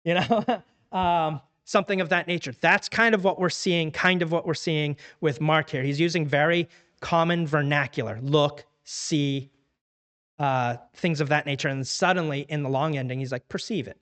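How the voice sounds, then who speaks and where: A man's voice: on the high side, fairly even intonation, normal speed, fairly bright tone, clean tone. A man teaching a church Bible class in a casual, conversational way, acting out everyday dialogue to make his points.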